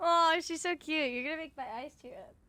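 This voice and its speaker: A woman's voice: high voice, brisk, sharp tone. A young woman streaming live, chatting casually with viewers and cooing baby talk at her cat.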